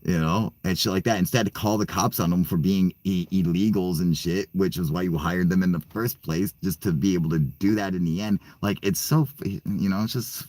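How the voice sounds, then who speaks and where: A man's voice: deep voice, darkish tone, no room sound. A young man hosting his own channel, ranting profanely in a rambling, stammering way and laughing between points. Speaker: channel host. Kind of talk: ranting casual monologue.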